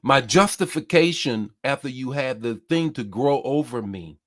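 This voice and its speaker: A man's voice: mid-range voice, expressive, normal speed, a bit bright. A bishop preaching a sermon with passion, repeating his key phrases and reading out comments from listeners. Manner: impassioned, repeats phrases, reads comments aloud.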